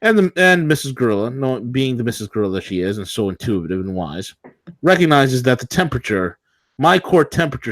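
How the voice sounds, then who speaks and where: A combative, sarcastic man co-hosting a political talk show. He rants in a middle-pitched voice, and the studio sound is dry and close. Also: fairly bright tone, no room sound.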